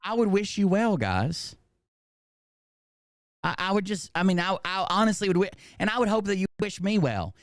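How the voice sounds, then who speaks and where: A man's voice: sits high, very animated, moderate pace, no room sound, clean studio sound. Profane, fired-up man streamer. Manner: profane, emphatic, talks to chat directly. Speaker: commentary streamer. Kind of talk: unscripted commentary rant.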